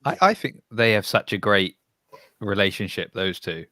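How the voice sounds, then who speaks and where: A man's voice: lowish voice, animated, normal speed, sharp tone, no room sound. A man on a casual movie review podcast who stammers and repeats his opening words as he talks.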